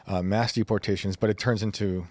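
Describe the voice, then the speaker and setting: Male co-host, low voice, fast casual talk, dry studio mic. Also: steady tone, no echo. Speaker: podcast co-host. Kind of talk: casual panel discussion. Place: podcast studio.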